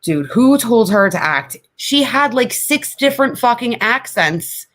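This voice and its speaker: A woman's voice: on the high side, expressive, a little slow. A woman co-hosting a podcast, chatting casually, blunt and opinionated and swearing freely. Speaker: podcast co-host. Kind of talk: casual chat.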